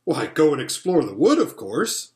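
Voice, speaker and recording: A man voicing an eager, bossy schoolboy big brother in a storybook reading, exclaiming excitedly, in a roomy-sounding space. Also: fairly high pitch, moderate pace. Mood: earnest. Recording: roomy echo.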